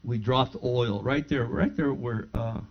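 A man's voice: medium pitch, unhurried. A middle-aged man, a pastor, preaching and telling a personal testimony in his home, acting out both sides of a conversation. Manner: animated storyteller who acts out both sides of a dialogue. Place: his own home living room. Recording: slightly dull lo-fi sound.

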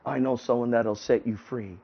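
A man voicing a calm, kindly male night custodian who speaks patiently and reassuringly. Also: medium pitch, moderate pace, gravelly, pitched below the performer's own voice. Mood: gentle. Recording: dull lo-fi recording.

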